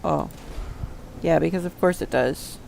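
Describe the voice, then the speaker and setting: Slow, gravelly woman streaming a game. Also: low voice, a little mellow, slight background noise. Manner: chatty, self-talking, swears under her breath. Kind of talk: casual gameplay commentary.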